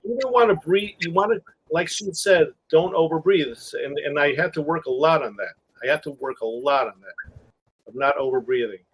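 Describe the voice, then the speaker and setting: A man with a husky voice, coaching singers in a casual group chat, halting and restarting as he talks. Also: on the high side, low-quality recording. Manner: halting, restarts often, laughs between points. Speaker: singing coach.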